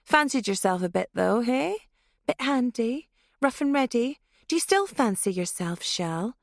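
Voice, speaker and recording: Lady narrator doing a young knife killer girl, low and taunting, gravelly edge, dry sound. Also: expressive, unhurried, dry recording. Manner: quiet, taunting menace. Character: young woman knife killer, mocking and cold.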